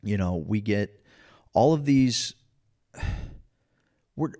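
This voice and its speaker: A man's voice: lowish voice, expressive, very slow, mellow. A man co-hosting a casual podcast, ranting passionately and emphatically, restarting his sentences as he pushes his points. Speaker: podcast co-host.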